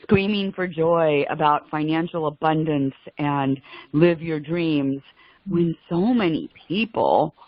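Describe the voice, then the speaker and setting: A woman's voice: sits low, takes it slowly, no echo. A woman talks earnestly on a video call, laughing often and stopping to restart her thoughts. The sound is dry and slightly muffled, like call audio. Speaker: call participant. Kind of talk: casual chat on a group video call.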